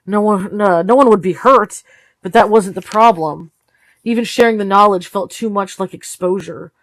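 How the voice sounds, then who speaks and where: A tired woman reading a novel aloud in steady, low-key storytelling narration. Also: normal speed, no room sound. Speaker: audiobook reader. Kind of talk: read-along narration of a novel.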